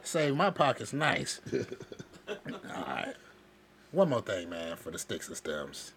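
A man hosting a podcast, telling profane, animated stories in casual chat and laughing often. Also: low voice, slow pace. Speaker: podcast host.

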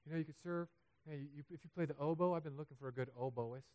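Animated, joking male pastor. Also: a little high, very fast. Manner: animated and humorous, building to loud emphatic peaks. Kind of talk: sermon. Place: church sanctuary.

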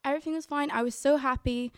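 A woman's voice: high voice, fairly even intonation, fast talker, no echo, studio quality. A young woman telling a personal story on stage, chatty and quoting her own thoughts.

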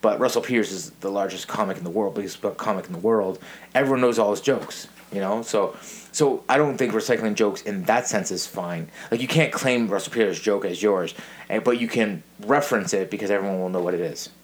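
Chill podcast host guy, deepish voice, tells stories and laughs. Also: fairly quick. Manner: animated storyteller, laughs often. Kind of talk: casual chat.

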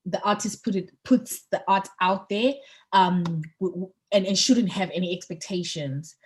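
A woman co-hosting a podcast in casual chat, chatty and getting excited on politics, with lots of fillers and restarts. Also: mid-range voice, moderate pace. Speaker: podcast co-host.

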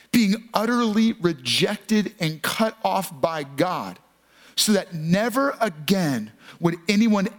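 A pastor with a high, fairly bright voice preaches a sermon earnestly and emphatically. He slows down to stress key phrases.

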